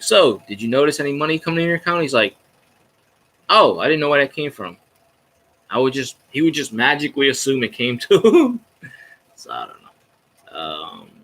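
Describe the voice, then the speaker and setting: A man's voice: medium pitch, pushed and bright. A man chatting casually on a livestream, ranting about football in a rowdy, profane, jokey way. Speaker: sports fan streamer. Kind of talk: casual rambling livestream chat.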